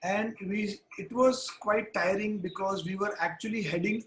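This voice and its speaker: Earnest man, high voice, halting. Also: steady tone, fairly bright tone, roomy sound, a little hiss or hum, rough recording. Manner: earnest, halting storytelling with many restarts and "uh"s. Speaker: wildlife photographer. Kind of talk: recounting a field trip in a photography tutorial.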